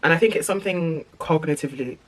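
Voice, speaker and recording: Woman in received pronunciation, halting ums. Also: low-pitched, poor audio. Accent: British received pronunciation. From English Midlands. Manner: frequent ums, restarts and light stutters. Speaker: vlogger. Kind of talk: casual talk to camera.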